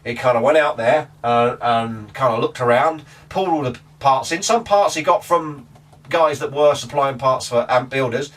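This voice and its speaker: A man's voice: medium pitch, normal speed, fairly bright tone. A man chatting casually to camera about guitar amps, rambling and restarting his sentences. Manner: rambling, chatty, self-interrupting. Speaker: guitar gear vlogger. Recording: distant from the mic.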